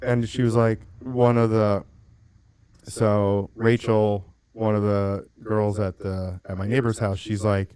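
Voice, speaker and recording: A man co-hosting a podcast, telling animated stories and acting out quotes in casual chat. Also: fairly low pitch, slow pace, clean tone, no echo. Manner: animated storytelling, swears, acts out quotes. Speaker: podcast co-host.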